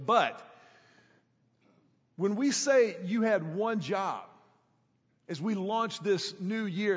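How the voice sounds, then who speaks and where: High-voiced pastor preaching in a hall. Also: male voice. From Houston, Texas. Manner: emphatic storytelling with dramatic slowdowns. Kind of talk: sermon. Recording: echoey hall, dull sound.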